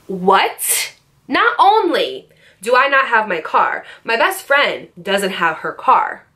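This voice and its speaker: A woman vlogger telling a personal story in a chatty, animated way, with lots of fillers and asides. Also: on the high side, slow pace. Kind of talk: storytime vlog.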